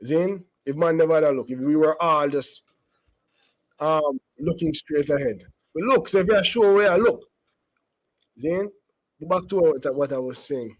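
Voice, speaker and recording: A man's voice: on the high side, moderate pace, poor audio. A man giving casual, rambling commentary as a channel host, emphatic and full of asides and restarts.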